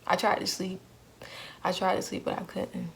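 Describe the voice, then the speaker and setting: A young woman tells a personal story straight to camera. Her voice has a gravelly, fried edge at a middle pitch, and she repeats key phrases with earnest weight. A faint hiss sits under the recording. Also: monotone, normal speed. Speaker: vlogger.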